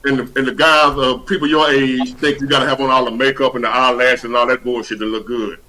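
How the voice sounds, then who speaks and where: A man's voice: mid-range voice, level tone, fairly quick, sharp tone, rough recording. Blunt, cussing male livestream host. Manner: blunt, preachy and profane, with heavy slang. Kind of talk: casual livestream chat.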